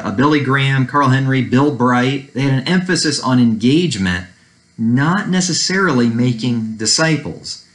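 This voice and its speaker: Man teaching church history, echoey room. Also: mid-range voice. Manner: unscripted, restarts phrases, fair-minded asides.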